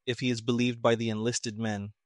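A man voicing a calm, detached male detective who speaks flat and even. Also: mid-range voice, a little fast, dry recording, close to an everyday voice. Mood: toneless.

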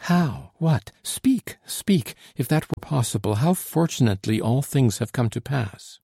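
A man's voice: mid-range voice, moderate pace, creaky, warm tone, husky, no room sound, clean studio sound. A man reading an audiobook, voicing an earnest, anxious young woman with a pleading manner. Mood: eager. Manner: pleading, emotional.

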